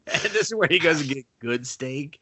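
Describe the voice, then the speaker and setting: A man's voice: on the high side, lively intonation, normal speed, pushed and bright, breathy edge, no room sound. A man co-hosting a casual podcast chat who chimes in with dry wisecracks. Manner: wisecracking, chimes in with jokey quips. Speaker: podcast co-host.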